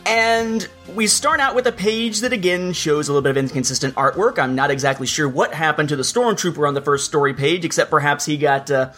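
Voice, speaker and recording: A man's voice: a little high, fairly quick, hardly any pauses, pushed and bright, faint music behind. A man co-hosting a casual podcast, chatting about a comic book and reading its dialogue aloud with a bit of acting. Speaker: podcast co-host.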